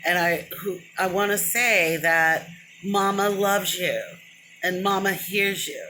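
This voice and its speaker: A woman's voice: medium pitch, slow, bright, forceful tone, a little hiss or hum. A middle-aged woman rambling to a close camera in a casual, emotional vlog monologue, drifting between thoughts with "but anyway". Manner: rambling, self-described, wanders off and says "but anyway"; emotional, openly talks about crying. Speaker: vlogger. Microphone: camera close to the face, within arm's reach.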